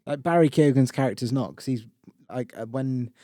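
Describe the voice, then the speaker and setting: A man co-hosting a film podcast, his voice mellow and dark in tone. He rambles casually and lets his thoughts trail off into softer asides, recorded close and dry with no room around him. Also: medium pitch, normal speed, dry recording. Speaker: podcast co-host. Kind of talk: casual film review chat.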